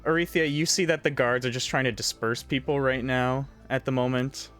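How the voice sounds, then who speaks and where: A man's voice: medium pitch, fairly even intonation, brisk, fairly bright tone, clean tone, soft background music. A man running a tabletop game as game master, narrating loosely with many fillers.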